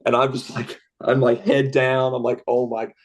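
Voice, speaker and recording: A man's voice: medium pitch, level tone, moderate pace. A young man, a golf caddy, telling a story on a casual podcast, acting out the dialogue and laughing often.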